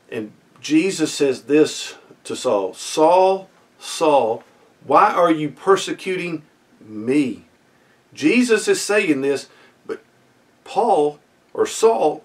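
A man preaching a midweek sermon as pastor, earnest and emphatic, often putting questions to his listeners. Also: on the high side. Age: adult student.

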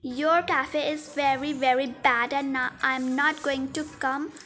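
A woman's voice: high voice, fairly even intonation, measured pace, sharp tone, soft background music. A woman voicing a rude, huffy woman customer in a toy cafe role-play. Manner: rude and scolding.

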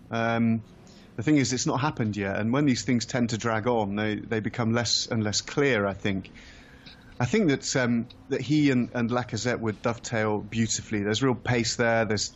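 A man co-hosting a radio football phone-in, thinking aloud with many restarts as he gives opinions and asks questions. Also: medium pitch. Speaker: football commentator and co-host. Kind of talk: casual studio chat. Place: radio studio. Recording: slightly dull radio archive sound.

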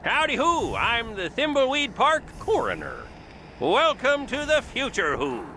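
A giggly, eager small-town coroner. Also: male voice, very high voice, sing-song, measured pace, pushed and bright, a little hiss or hum, full character voice. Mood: giddy. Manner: giggly, tacks "a who" onto words. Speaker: game character.

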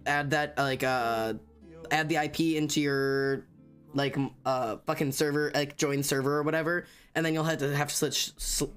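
A streamer in casual livestream chat, talking fast and excitably with frequent stammers and restarts. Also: mid-range voice.

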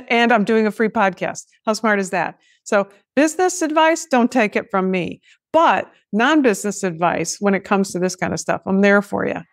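A woman's voice: medium pitch, expressive, normal speed, dry recording, clean studio sound. A woman hosting a podcast, talking in a chatty way with joking asides. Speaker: podcast host. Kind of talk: casual podcast conversation.

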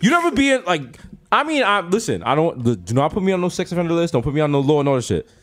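A Bronx man with a New York accent riffs as a podcast co-host in a studio. His voice sits high and leaps all over the place as he acts out characters and laughs mid-sentence, keeping the banter loose and comic. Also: fast. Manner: animated, acts out voices, laughs through lines.

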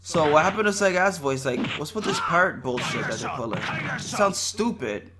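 A man's voice: fairly high pitch, expressive, brisk. A man giving offhand, wry gameplay commentary as a channel host, swearing freely. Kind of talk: casual gameplay commentary voice-over. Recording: loud noise under the voice.

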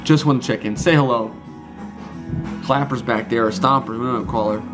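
A man's voice: mid-range voice, brisk, music in the background. An exhausted man chatting casually for his vlog at home, rambling and self-mocking. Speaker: vlogger and dad. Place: indoors at home. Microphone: handheld camera held up high.

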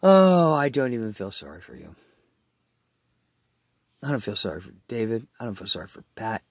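Gravelly, husky man rambling in a monologue. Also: on the low side, lively intonation, brisk, dry recording, clean studio sound. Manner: rambling, talks aloud to a late father, loudness swings widely. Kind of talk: rambling emotional vlog monologue.

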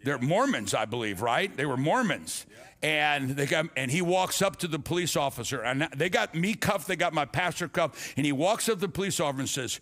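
Older man preaching a lively story sermon. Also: on the high side, a little fast. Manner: animated storyteller acting out dialogue, stammers and restarts. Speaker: pastor.

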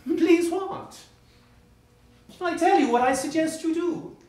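A man's voice: high-pitched, big pitch swings, moderate pace. An actor playing a cold, sarcastic middle-aged husband confronting his wife, with a clipped, formal and mocking delivery in a stage play. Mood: menacing. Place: theater stage. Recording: roomy theater, faint noise.

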